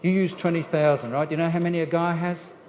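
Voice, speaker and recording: A man giving a jokey, lively church seminar talk on family life, putting questions straight to the audience. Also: fairly high pitch, fast talker, slight background noise. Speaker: guest speaker on family life. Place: church hall. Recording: echoey church hall, faint ambience.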